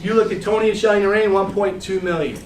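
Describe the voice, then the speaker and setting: A man giving a casual, animated business training talk to a group, blunt and swearing freely, often checking in with "right?". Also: sits high, fast talker. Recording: echoey room, mic far off.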